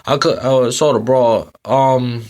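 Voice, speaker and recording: A man's voice: medium pitch, steady tone, slow pace, a little mellow. Sleepy guy ranting about sports on his podcast, kinda rambly, says stuff twice, yawns a lot. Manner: rambling, repeats himself, frequent um and you know. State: sleepy, yawning. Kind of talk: casual sports commentary rant.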